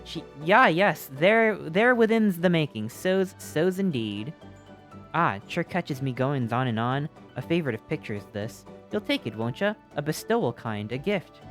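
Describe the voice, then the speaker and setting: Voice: mid-range voice, lively intonation, unhurried, soft background music, voice pushed up, lightly acted. A streamer voicing an ancient, whimsical forest being who rambles in quaint, broken, archaic phrases and calls the listener "my love.".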